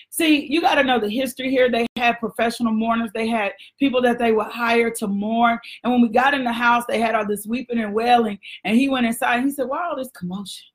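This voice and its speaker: A woman preacher praying fervently and then preaching, repeating phrases and speaking casually to her listeners between scripture readings. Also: on the high side. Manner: fervent, repetitive, calls out to listeners. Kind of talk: sermon with prayer.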